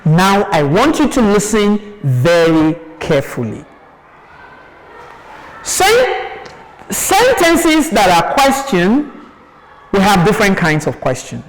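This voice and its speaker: Slow, sing-song male teacher with lively pitch. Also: in a large hall, background noise. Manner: slow, deliberate, repeats examples with exaggerated rising and falling tones; asks pupils questions and answers them himself. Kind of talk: classroom lesson on intonation. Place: TV studio.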